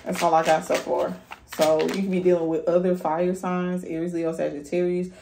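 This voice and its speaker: A woman's voice: on the low side, level tone, moderate pace, vocal fry, warm tone, reverberant, a little hiss or hum. A woman giving a casual tarot reading, blunt and profane, talking straight to her viewers. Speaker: tarot reader.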